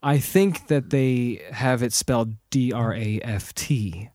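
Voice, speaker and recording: Give me an animated man in casual podcast talk, recorded dry and close. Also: medium pitch, takes it slowly, dry recording. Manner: animated, laughs often, trails off in restarts. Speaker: audiobook narrator and podcast host. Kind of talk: casual chat.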